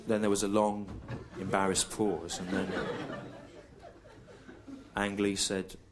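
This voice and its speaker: An English man in his forties doing stand-up storytelling in a slow, deadpan, repetitive way with long pauses, recorded live on a comedy club stage. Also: fairly low pitch, background noise. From England. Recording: live show with loud audience laughter.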